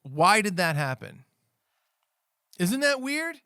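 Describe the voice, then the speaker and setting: Smooth-voiced man in casual movie chat. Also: high-pitched, big pitch swings, slow, sharp tone, dry recording, clean studio sound. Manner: rambling, recaps scenes with quoted lines. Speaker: podcast co-host.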